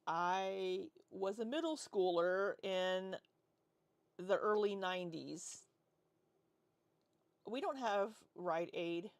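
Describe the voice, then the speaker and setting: A woman's voice: mid-range voice, slow pace, pauses often, dry recording. A woman in her forties chatting casually on a livestream, rambling as she reads and answers chat. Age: 40s. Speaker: livestream host.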